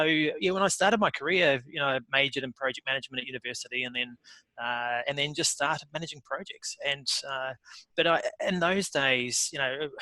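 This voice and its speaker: A man in his forties with a New Zealand accent, a guest telling his career story in a relaxed way with fillers. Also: mid-range voice, no echo, rough recording. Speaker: guest, software company founder. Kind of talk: casual interview talk.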